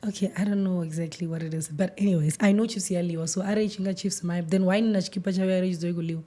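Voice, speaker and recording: A woman's voice: lowish voice, steady tone, warm tone. A woman co-hosting a podcast in a studio, teasing her co-host and mixing English with Tshivenda. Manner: teasing, quick to laugh, mixes English and Tshivenda. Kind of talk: casual chat.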